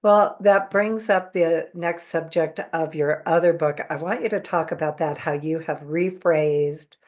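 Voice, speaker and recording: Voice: mid-range voice, steady tone, measured pace, a little mellow. An interview host prompting the guest to talk.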